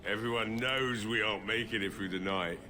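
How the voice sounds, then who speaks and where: Older male smith in a fantasy game, gruff and tipsy, bright tone. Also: lowish voice, fairly quick, soft background music. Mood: weary. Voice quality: gruff, slurring from drink. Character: gruff grieving old male village blacksmith.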